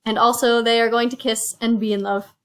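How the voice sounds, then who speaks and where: A woman's voice: on the high side, level tone, brisk, fairly bright tone. A woman hosting a casual chat, recorded on a phone, animatedly retelling a story and slipping into quoted voices. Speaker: reviewer and show host. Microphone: phone used as camera.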